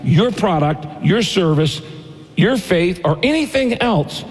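A middle-aged pastor preaches in a church auditorium, his fairly high voice trailing a long reverb through the hall. He hammers key phrases by repeating them and slows right down to read scripture aloud. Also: animated. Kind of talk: sermon.

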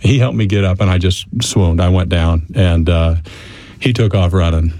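Low, mellow-voiced man telling his story. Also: normal speed, no echo. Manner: conversational, talks to listeners directly. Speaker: interviewee.

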